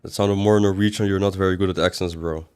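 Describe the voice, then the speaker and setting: A man with a fairly low voice talks through a game livestream. He reads his chat aloud and answers it, rambling casually between sudden exasperated outbursts. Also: fairly even intonation, fast, darkish tone, clean tone, soft background music. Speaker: game streamer.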